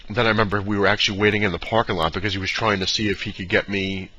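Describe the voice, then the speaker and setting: Speaking very fast in a lowish, level, bright and forceful voice, a man vlogs a long, rambling personal tale packed with fillers. He does short impressions of the characters, mimicking his dad's lines. The sound is dull and lo-fi, with faint background noise.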